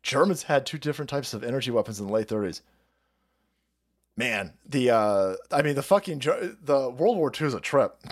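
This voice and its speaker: A man's voice: mid-range voice, normal speed. A man hosting a livestream, ranting in a profane, mocking way and putting on voices to mimic the people he attacks. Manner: foul-mouthed, animated, mocking voices of opponents. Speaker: livestream host. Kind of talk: profane political rant.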